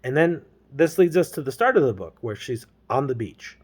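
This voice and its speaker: A man's voice: medium pitch, expressive, normal speed, darkish tone, husky. Rambling man recapping a novel casually. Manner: rambling, slangy, filler-heavy. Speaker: storyteller.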